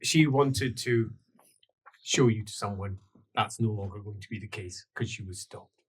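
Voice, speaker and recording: A man narrating a tabletop role-playing game as game master, in an animated way with laughs and sound effects. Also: lowish voice, moderate pace, slightly rough.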